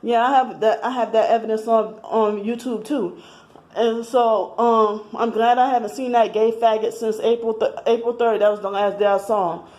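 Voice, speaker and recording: A woman's voice: fairly high pitch, steady tone, moderate pace, a little mellow, low-quality recording. A woman in her thirties talking in a rambling personal monologue, slightly out of breath, with many restarts and fillers. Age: 30s. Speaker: vlogger.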